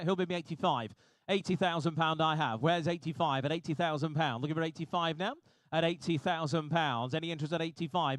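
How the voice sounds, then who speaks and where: Man, auctioneer, repeating bids fast, cheeky asides, slightly high voice. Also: no echo. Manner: brisk, repetitive bid calling with jokey asides. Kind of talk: live auction calling. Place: auction hall.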